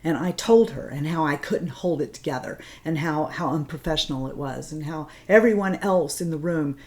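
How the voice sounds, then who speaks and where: Low-voiced chatty woman vlogger. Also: moderate pace, darkish tone. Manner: chatty, emotional, rambling with fillers. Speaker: beauty vlogger, former X-ray tech. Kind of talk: chatty storytelling while doing makeup.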